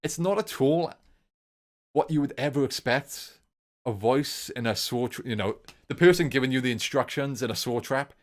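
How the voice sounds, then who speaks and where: A man's voice: medium pitch, expressive, moderate pace. A man giving a long, rambling solo film review, informal and enthusiastic, circling back to repeat his points over and over.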